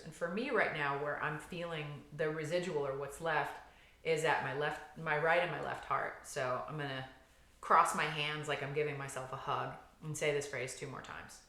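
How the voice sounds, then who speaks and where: A woman therapist guiding a somatic healing exercise, calm and gentle, explaining step by step with frequent fillers. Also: low-pitched, normal speed, echoey room.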